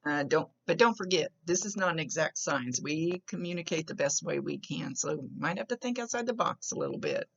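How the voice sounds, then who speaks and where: A woman psychic medium talks her way through a reading in a loose, rambling style, and often stops and restarts her sentences. Her voice is gravelly with vocal fry, and she has a smoker's cough. The recording sounds dull and lo-fi. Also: low-pitched, very animated, fairly quick, hardly any pauses. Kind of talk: casual spoken reading to a client.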